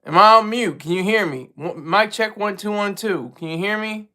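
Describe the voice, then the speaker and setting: A man's voice: high voice, moderate pace, bright, forceful tone. A man chatting casually on a livestream from home, rambling and self-deprecating, with many restarts. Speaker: livestream co-host and regular caller.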